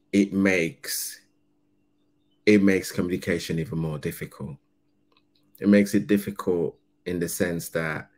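A male reaction host with a very low voice, speaking slowly and thoughtfully. He muses earnestly and often restarts his sentences. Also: darkish tone. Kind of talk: reflective reaction commentary.

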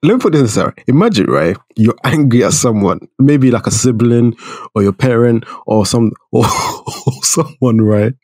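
A man co-hosting a casual podcast chat, animated, laughing often and restarting his sentences. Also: medium pitch, moderate pace, no room sound, studio quality. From United Kingdom. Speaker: podcast co-host.

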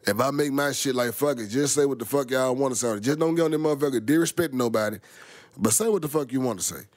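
A man's voice: mid-range voice, fast, no echo, clean studio sound. Profane man ranting to viewers. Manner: profane, rambling, heavy slang. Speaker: vlogger. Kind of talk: casual rant to viewers.

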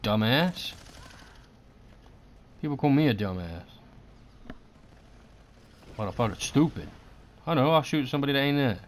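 A man's voice: medium pitch, animated, measured pace, pauses often. A man giving live gameplay commentary, swearing and trash-talking as he reacts to the match. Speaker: gaming commentator.

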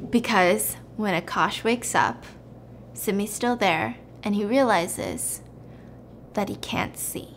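A woman's voice: mid-range voice, slow, gravelly, slight background noise. A young woman hosting a show, casually and animatedly retelling a film plot in a chatty way. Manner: animated, chatty, acts out scenes. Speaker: host.

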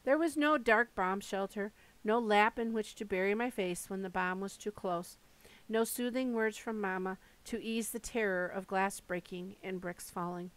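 A woman reading a first-person memoir aloud in a steady, measured way. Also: mid-range voice, low-quality recording. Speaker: audiobook reader.

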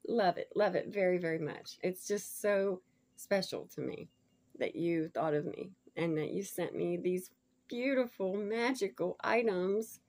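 A woman chatting casually to viewers as she unboxes a gift package, gushing and laughing often, sometimes dropping to soft murmurs. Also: fairly low pitch, a little slow. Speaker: vlogger showing a gift package.

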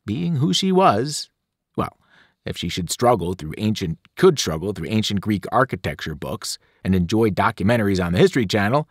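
A man, a teacher, reading a novel aloud in an expressive, dramatic way, sometimes dropping to a whisper. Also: mid-range voice, creaky, no room sound, studio quality. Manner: dramatic, with whispered and shouted voices. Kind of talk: expressive read-aloud narration.

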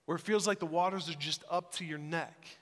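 Pastor, male, bright and high-voiced, casual animated sermon delivery, recorded in a reverberant sanctuary. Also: fairly quick. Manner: conversational and animated, acts out voices in quotes. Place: church sanctuary. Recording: church sanctuary with long reverb.

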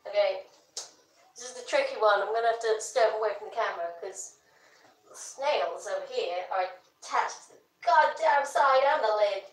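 A young woman chats playfully on a live stream, talking both to her pets and to her viewers. Her voice is mid-range at a moderate pace, and the room sounds echoey.

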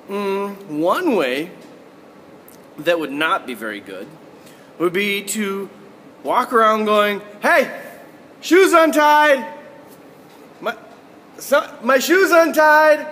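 Animated male school announcer, lively pitch. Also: long reverb tail, a little hiss or hum. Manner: animated and playful, acting out examples. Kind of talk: morning announcements to pupils.

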